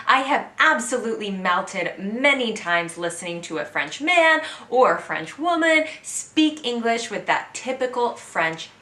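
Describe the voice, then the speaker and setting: An American woman in her thirties, a vlogger living abroad, chats candidly to the camera. Her mid-range voice is bright and forceful, and the room sounds reverberant.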